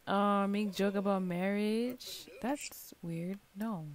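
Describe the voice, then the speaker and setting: A woman's voice: mid-range voice, takes it slowly, clean tone. A young woman giving casual, slangy commentary while she plays a life-sim game, talking to her viewers. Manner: chatty, slangy, talks to her viewers while playing, bursts of excitement. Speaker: gaming channel host. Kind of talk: casual Let's Play commentary.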